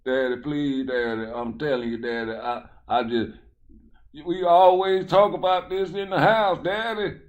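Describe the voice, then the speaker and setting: A man's voice: steady tone, measured pace, natural voice. A man voicing a scared grown son who whines and pleads with his strict father. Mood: whining pleading. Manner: whiny, begging, high and strained.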